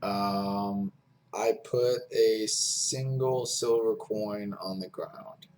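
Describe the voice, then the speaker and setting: A man playing a tabletop game speaks slowly and hesitantly, often pausing on "uh" and "um". A faint hum of background noise sits under his voice. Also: fairly low pitch, fairly even intonation, darkish tone. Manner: slow, hesitant. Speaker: player.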